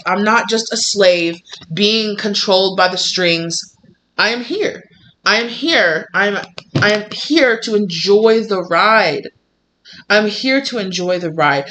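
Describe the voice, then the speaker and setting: A woman tarot reader sharing a casual spiritual message, chatty and animated, full of "like" and "you know". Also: mid-range voice, a little hiss or hum, poor audio.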